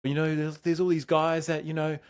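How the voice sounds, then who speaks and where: A man's voice: fairly high pitch, completely flat delivery, a little fast, a little mellow, smooth, voice pushed up, close to an everyday voice. A man doing a big joking laid-back guy. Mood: dismissive joking.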